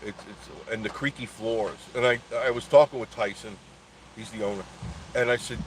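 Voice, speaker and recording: An older man talks casually on a live stream, rambling from one story to the next and laughing often. His voice sits at an ordinary middle pitch. A faint hiss of background noise runs under the recording. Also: steady tone, normal speed. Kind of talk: casual live chat reading comments.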